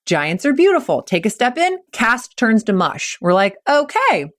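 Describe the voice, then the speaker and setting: A woman hosting a podcast as a mental performance coach, explaining with energy and acting out kids' and coaches' voices in quick quoted asides. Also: medium pitch, sing-song. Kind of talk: solo podcast talk.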